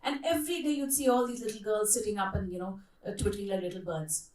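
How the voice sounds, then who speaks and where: A middle-aged woman with a mid-range voice talks fast while leading an interactive workshop in a conference hall, telling lively stories and asking the audience questions. Her voice comes from a far-off mic and echoes through the hall.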